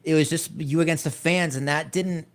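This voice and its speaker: A man's voice: a little high, steady tone, moderate pace. A man co-hosting a wrestling podcast, giving wry, opinionated takes in casual chat. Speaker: podcast co-host.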